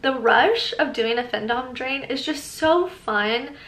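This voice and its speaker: A woman's voice: high voice, expressive, takes it slowly, a bit bright, reverberant. A young woman telling a casual storytime as a vlogger, chatty and reading old texts aloud with laughing asides. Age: young adult.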